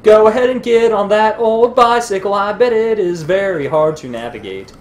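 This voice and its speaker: A man's voice: sits high, animated, moderate pace, poor audio. A young man commenting on a video game with friends, cracking crude jokes and talking over the others. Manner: joking, crude quips, talks over others. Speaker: let's play commentator. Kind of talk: casual gameplay banter.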